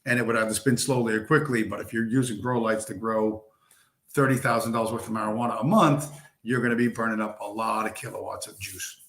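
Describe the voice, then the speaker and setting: A man's voice: lowish voice, steady tone, fast, fairly bright tone. A man hosting a casual live stream, telling a long story in a rambling, profane way, full of fillers and asides. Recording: roomy echo.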